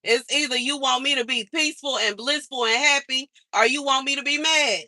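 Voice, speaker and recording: A woman's voice: high-pitched, fairly quick, pushed and bright, no room sound. A woman vlogger venting in an exasperated monologue, repeating herself for emphasis. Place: outside her mother's house.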